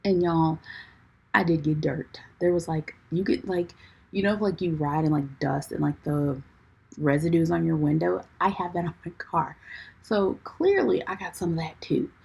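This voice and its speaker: A young woman with a low, gravelly voice tells a story on her podcast. She talks chattily to her listeners, laughing as she goes and filling her sentences with "like". The tone is easygoing and personal. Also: normal speed, warm tone, low-quality recording. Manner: chatty, peppered with "like", calls listeners "y'all". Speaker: podcast host. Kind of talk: casual storytelling chat.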